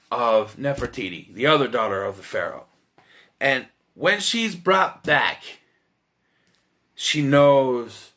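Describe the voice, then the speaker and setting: Bright-voiced man giving a blunt review. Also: mid-range voice. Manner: blunt and profane, with frequent restarts. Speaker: film reviewer. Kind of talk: casual spoken film review.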